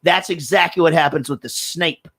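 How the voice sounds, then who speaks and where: A man's voice: a little high, moderate pace, vocal fry. A man co-hosting a comedy movie podcast, recapping a film in loose, joking banter and laughing often. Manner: animated, laughs a lot, breaks into quoted voices. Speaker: podcast co-host.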